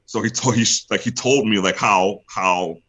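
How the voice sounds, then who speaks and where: A man's voice: lowish voice, moderate pace, fairly bright tone, breathy edge. A young man guesting on an interview show, telling a story casually, acting out what other people said and laughing often. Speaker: guest, pro wrestler.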